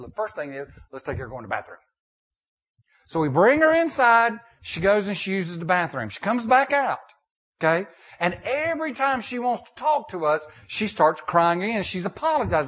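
An older male pastor preaching with a folksy, storytelling manner. His voice sits high for a man and leaps up and down with lively swings. He repeats and restarts phrases as he talks. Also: normal speed, breathy edge. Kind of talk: sermon with storytelling.

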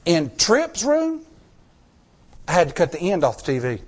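A middle-aged male preacher with a fairly high voice that swoops up and down as he tells stories from the pulpit. He acts out the people in his anecdotes with shifting voices. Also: huge pitch swings, measured pace. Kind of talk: sermon with storytelling.

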